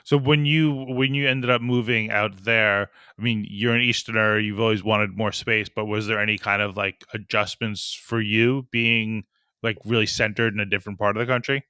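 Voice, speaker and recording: A male podcast host asks his questions in a lowish, bright and crisply clear voice. He feels his way through each question with small hesitations. The sound is close and completely dry. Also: steady tone, normal speed, no echo. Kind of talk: casual interview.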